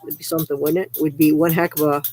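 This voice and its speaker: A woman's voice: low-pitched, flat delivery, fast talker, warm tone, soft background music. A woman hosting a casual livestream, chatting loosely, reading viewer comments aloud and laughing easily. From Canada. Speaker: livestream host.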